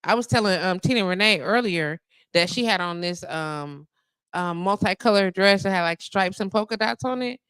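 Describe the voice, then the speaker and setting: A woman's voice: mid-range voice, moderate pace, a bit bright, smooth, no echo, clean studio sound. A woman hosting a live radio show, chatting casually, laughing often and cooing baby talk at her dog.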